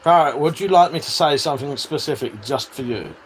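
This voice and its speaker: A chatty British man hosting a casual livestream, his voice sitting a touch higher than most men's. He swears freely and laughs often, with a faint fan hum behind him. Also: lively intonation, brisk. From United Kingdom. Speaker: livestream host. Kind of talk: casual livestream chat reading viewer comments.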